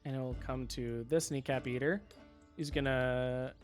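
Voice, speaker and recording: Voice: medium pitch, steady tone, normal speed, soft background music. A game master narrating a tabletop game and explaining rules in a casual, patient way.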